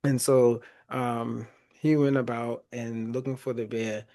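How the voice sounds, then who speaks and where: Man, podcast host, casual chat, animated storytelling, laughs a lot, mid-range voice. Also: medium pitch, a little slow. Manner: animated, laughs often, acts out quotes. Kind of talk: casual chat retelling a movie.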